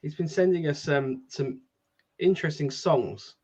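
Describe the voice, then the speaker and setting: A man's voice: a little high, a little slow, a little mellow, slightly rough, lo-fi sound. A man co-hosting a casual podcast chat, laid-back and swearing casually. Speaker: podcast co-host.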